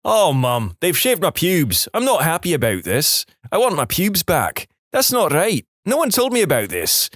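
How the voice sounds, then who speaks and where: A man voicing a groggy young Scotsman with a Scottish accent, shouting indignant complaints after surgery. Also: on the high side, wildly swooping pitch, moderate pace, few pauses, no echo, clean studio sound, voice pushed up, full character voice.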